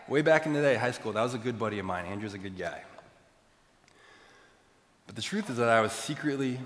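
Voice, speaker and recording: A young man preaching, telling a self-deprecating story in an animated way to his church. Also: fairly low pitch. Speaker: pastor. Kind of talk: storytelling sermon. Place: large church hall. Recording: long hall reverb.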